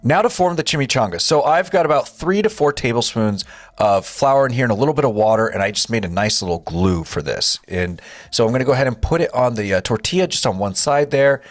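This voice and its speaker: A young man talks through a home recipe step by step, relaxed and chatty. His voice moves a lot in pitch, and the sound is dry and close, with no room echo. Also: a little fast. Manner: relaxed, step-by-step instructions with frequent "gonna go ahead". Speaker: home cook and channel host. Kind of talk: casual cooking walkthrough. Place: home kitchen.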